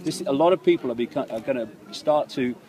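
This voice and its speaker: A man's voice: medium pitch, fast, warm tone. A man talking in an impassioned, emphatic way, with fillers and restarts, in an interview.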